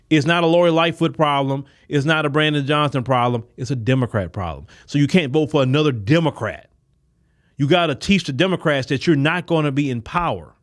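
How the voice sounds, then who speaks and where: A man with delivers a political commentary like a sermon. His voice sits a little high and rises and falls dramatically as he argues. He keeps acting out imagined conversations to drive each point home. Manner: preachy and emphatic, acts out imagined dialogues. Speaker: podcast host.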